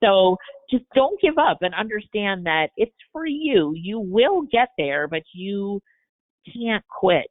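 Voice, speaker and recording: Taking her time, a woman with an expressive mid-range voice hosts a live video-call Q&A for coaching. Her tone is upbeat and motivational, heard through tinny, phone-like webinar audio.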